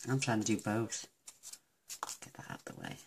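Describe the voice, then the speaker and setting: A woman's voice: very deep voice, wildly swooping pitch, moderate pace, vocal fry, a little hiss or hum, low-quality recording. A middle-aged woman from the UK chatting casually through a crafting tutorial, rambling and talking to herself as she works. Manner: chatty, rambling, talks to herself while working. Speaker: craft demonstrator.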